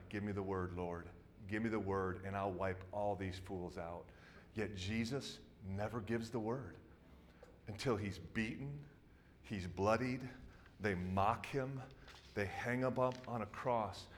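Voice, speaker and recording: A male pastor in his thirties preaching a sermon, telling the story in an animated way, rising to loud excitement and dropping to hushed intensity. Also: mid-range voice, long reverb tail.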